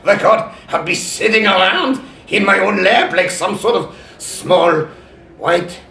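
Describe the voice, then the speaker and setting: A man voicing a manic older mad scientist with a shrill, theatrical, cackling delivery. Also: takes it slowly, sharp tone, reverberant, full character voice. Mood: gleeful villainy.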